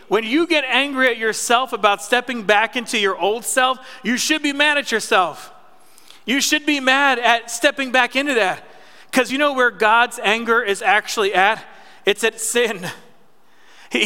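Male pastor, high bright clear voice, conversational sermon, reverberant sanctuary. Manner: conversational preaching with audience call-and-response. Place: church sanctuary. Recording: long church reverb.

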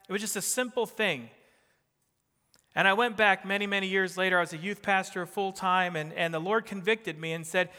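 A middle-aged man with a New Jersey accent preaching a sermon, swinging between emphatic rising bursts and soft, quiet drops. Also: sits high, in a large hall. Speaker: pastor.

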